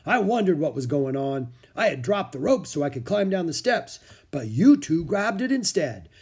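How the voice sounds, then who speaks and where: A hearty, jolly monk, bald and middle-aged, speaking with a slightly husky edge, as a storyteller puts him on. His voice swings lively up and down. He is friendly but turns serious when warning about danger. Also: fairly high pitch, moderate pace, pitched above the performer's own voice, heavily acted. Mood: amused.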